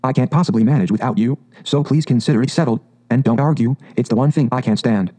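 A man voicing a boastful, excitable male toad who talks in a grand, gushing way. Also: medium pitch, fast, close to an everyday voice. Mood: pleading. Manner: pompous, gushing, exclamatory.

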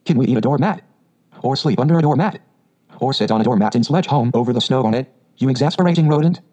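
A man's voice: medium pitch, fast talker, darkish tone, natural voice. A man doing a fussy, whiny male mole. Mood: exasperated. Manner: pettish and whiny. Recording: dull lo-fi recording.

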